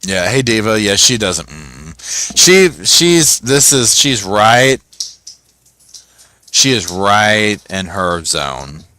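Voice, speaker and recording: A host streams casually from home, reacting to chat, putting on funny voices to make fun of people and greeting viewers by name with cheer. His fairly low voice is sing-song, pushed and bright, delivered very slowly with no room sound.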